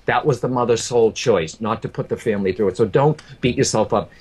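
His voice is fairly low, darkish, and breathy, and he talks quickly: a medium recounting a personal, emotional story with earnest directness, repeating words and talking straight to whoever is listening.

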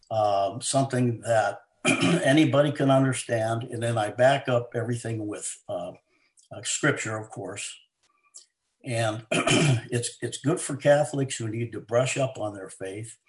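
A low-pitched man talks as an interview guest about a book he wrote. His delivery is earnest, with many fillers and restarts. The room around him rings with a roomy echo. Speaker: author and guest. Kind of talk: conversational interview.

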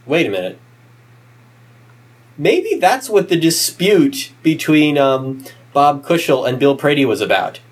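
A man's voice: a little high, big pitch swings, measured pace, pauses often, slightly rough. A man hosting a casual podcast, joking in a playful, self-deprecating way. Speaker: podcast host.

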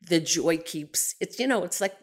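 A woman telling a personal story in an animated, expressive way, swinging from excited to hushed. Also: on the low side, normal speed. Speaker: storyteller, aviation enthusiast.

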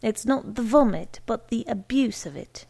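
A woman doing a smooth, fawning salesman. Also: fairly high pitch, expressive, moderate pace, mellow, full character voice. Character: smooth, overly polite male salesman.

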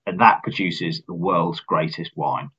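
Deep husky-voiced finance executive. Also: male voice, pushed and bright, highs cut off. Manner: measured, earnest, repeats words at starts. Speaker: company finance chief. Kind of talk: business interview answers.

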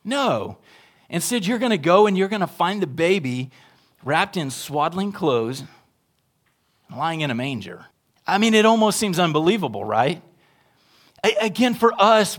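A man, an associate pastor, preaching a sermon in a conversational, animated way, often checking in with his listeners and swinging between emphatic raised lines and quiet asides. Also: a little high. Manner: conversational, animated preaching with frequent tag questions to the congregation.

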